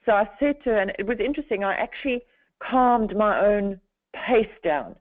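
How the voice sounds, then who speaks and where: Middle-aged woman, counselor leading a webinar, slow and soothing delivery, dry narrow phone-line sound. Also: mid-range voice, no echo. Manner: slow, deliberately calming delivery. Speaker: counselor and trainer. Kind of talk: webinar presentation.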